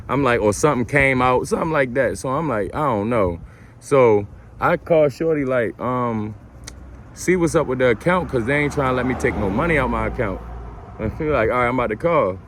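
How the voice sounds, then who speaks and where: A man's voice: mid-range voice, a little hiss or hum. A man telling a casual story about his own life, slangy and profane, acting out his own reactions. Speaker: storyteller vlogger.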